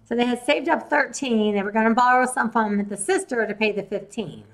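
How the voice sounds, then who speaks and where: Speaking fairly quickly in a slightly high voice, this woman hosts a podcast and casually recounts a story, voicing the people she talked to as she retells their conversations. She's a real estate investor, and the audio quality is poor.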